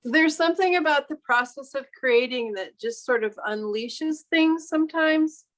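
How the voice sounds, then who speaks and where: A woman painter chats casually while she works. Her voice sits a little high, and she speaks frankly and laughs at herself easily. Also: moderate pace. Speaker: painter demonstrating.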